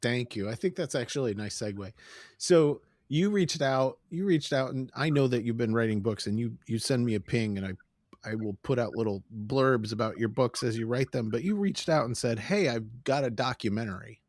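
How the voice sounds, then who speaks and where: A man's voice: medium pitch, brisk, no echo, studio quality. A man hosting a podcast, chatting casually and prompting his guest, with some restarts. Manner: relaxed, with restarts and brief backchannel sounds. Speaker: podcast host. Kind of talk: casual interview chat.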